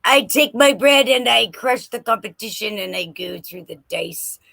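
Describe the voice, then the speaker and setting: Give me a woman playing a boastful devil baker, slow and gloating. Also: medium pitch, animated, gravelly, pushed and bright, heavily acted.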